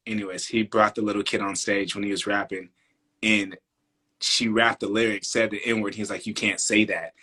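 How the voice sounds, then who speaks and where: Low, bright-toned man chatting loosely. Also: little pitch movement, slightly rough. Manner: loose, profane, quick interjections. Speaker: podcast co-host. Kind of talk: casual opinion chat.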